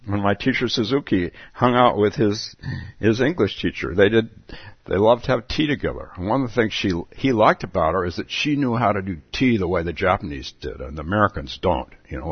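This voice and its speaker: A man's voice: deep voice, animated, moderate pace, breathy edge, no room sound, lo-fi sound. A man giving a reflective Zen dharma talk, musing aloud and chuckling between thoughts. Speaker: Zen teacher.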